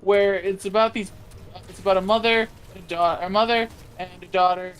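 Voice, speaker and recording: A podcast co-host in casual chat, telling a game's story in a rambling, animated way with lots of fillers and casual swearing. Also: mid-range voice, normal speed, faint music behind. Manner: swears freely. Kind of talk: casual chat about video games.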